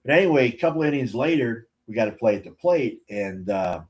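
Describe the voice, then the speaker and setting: An older man, a guest recalling umpiring days in casual chat, halting and often drifting quiet. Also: mid-range voice, lively intonation. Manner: halting, many restarts and fillers, quiet trailing lines.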